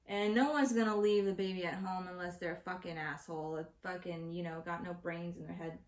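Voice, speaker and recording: A woman's voice: fairly low pitch, steady tone, brisk, hardly any pauses, darkish tone. Swearing, ranting woman in an echoey room. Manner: profane, exasperated ranting. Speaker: vlogger host. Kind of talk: casual opinion rant to camera. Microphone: home recording setup.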